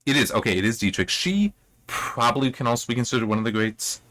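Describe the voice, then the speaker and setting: A man's voice: mid-range voice, lively intonation, fast talker, fairly bright tone, no echo. A man giving a casual, rambling commentary as a book reviewer, thinking aloud.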